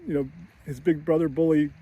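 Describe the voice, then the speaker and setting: A man's voice: on the high side, steady tone, a little fast, mellow, breathy edge. A man casually retelling a film scene in a chatty way, laughing often and using many fillers. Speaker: screenwriting commentator.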